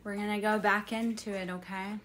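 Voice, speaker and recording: A woman's voice: mid-range voice, level tone, fairly bright tone, slight background noise. A woman leading a live-streamed energy healing session, guiding breaths in a soothing way and chatting with viewers, with blunt swearing. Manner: slow, soothing guidance mixed with blunt swearing.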